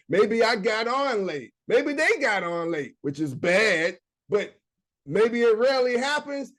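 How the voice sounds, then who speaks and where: A man, coaching viewers casually in a live screen-share session. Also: sits high. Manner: casual, talks to viewers directly, reads notes aloud. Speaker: online business coach.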